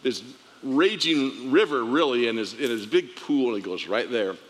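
A man's voice: medium pitch, lively intonation, moderate pace, long reverb tail. A man, a pastor, tells a testimony story from the pulpit, laughing often and acting out the dialogue.

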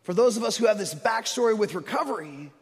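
A man preaching a sermon as pastor, animated, moving from loud storytelling to hushed emphasis. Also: sits high, fast, slightly rough, long reverb tail.

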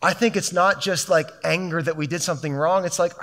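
A man's voice: on the high side, fairly quick, hardly any pauses, a bit bright. A middle-aged man preaching a sermon as a pastor, fervent and conversational, often restarting his sentences.

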